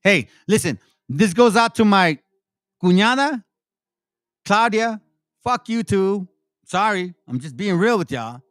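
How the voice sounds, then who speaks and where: A high-voiced man rants in angry, mocking commentary, swearing constantly and breaking into scornful laughter. His voice is close and dry, with almost no room sound. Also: expressive, measured pace, long pauses, fairly bright tone, dry recording. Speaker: commentary channel host. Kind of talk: profane commentary rant over played clips.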